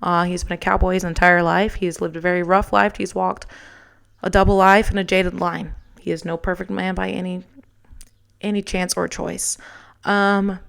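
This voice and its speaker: A young adult woman hosting her own show, telling a personal story in an animated, frank way with casual swearing. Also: fairly low pitch, moderate pace, vocal fry, clear, resonant tone. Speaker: podcast host.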